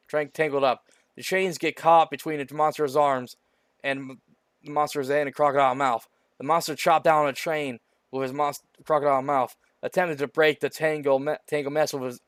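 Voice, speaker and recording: A man's voice: a little high, clear, resonant tone, no echo. Stumbling man reading a story aloud. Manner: stumbling over words, frequent restarts. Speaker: story reader. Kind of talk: casual read-aloud of a homemade story.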